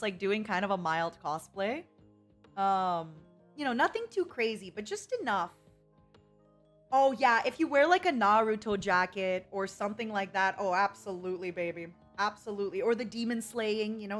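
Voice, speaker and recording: A woman's voice: mid-range voice, normal speed. Young woman streamer chatting, super dramatic n emotional, laughs a lot, faint music behind. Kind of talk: casual chat.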